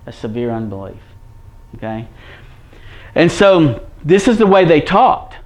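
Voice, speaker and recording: A man's voice: a little high, very animated, measured pace, a little mellow. A man preaching an earnest Bible-teaching sermon, repeating his points and checking in with his listeners. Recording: dull lo-fi recording.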